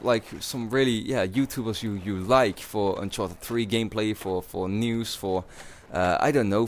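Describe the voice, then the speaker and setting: A young man from the Netherlands with a Dutch accent, rambling casually to his viewers with many fillers and restarts. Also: mid-range voice. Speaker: YouTuber.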